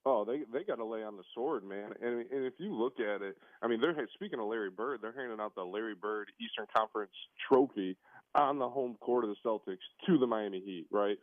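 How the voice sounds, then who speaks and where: A man's voice: fairly low pitch, fairly quick, no echo. Man on a tinny phone line. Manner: relaxed, chatty, animated when critiquing. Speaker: basketball coach, guest. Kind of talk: casual phone-in chat.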